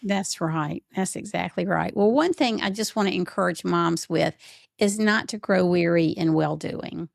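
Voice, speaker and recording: A woman hosting a podcast, talking in a lively storytelling way and acting out quotes. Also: lowish voice, normal speed, vocal fry, dry recording, studio quality. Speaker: podcast host. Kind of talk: podcast conversation.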